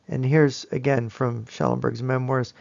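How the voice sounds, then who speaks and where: A man giving a lecture-style presentation, telling the story in a measured, emphatic way. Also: medium pitch, steady tone, gravelly, darkish tone, muffled recording.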